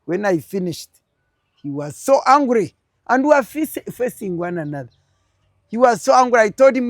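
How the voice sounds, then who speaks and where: A woman's voice: on the high side, big pitch swings, moderate pace, no room sound. An older woman with a Ugandan accent, telling a political story as an interview guest with strong, emphatic feeling.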